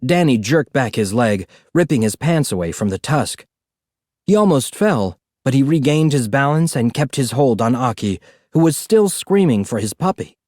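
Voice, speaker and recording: A man narrating a storybook in an expressive, animated reading. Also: mid-range voice, moderate pace, no echo, studio quality. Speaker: audiobook narrator.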